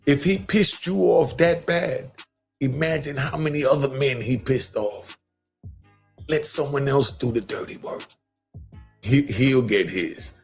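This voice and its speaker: A man acting out his older mother gently calming and scolding her son in a soft, motherly way. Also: medium pitch, measured pace, creaky, faint music behind.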